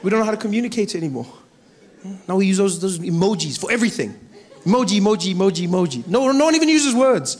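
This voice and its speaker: A young man performing animated stand-up comedy, telling stories with mock indignation. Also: high-pitched, fast. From South Africa.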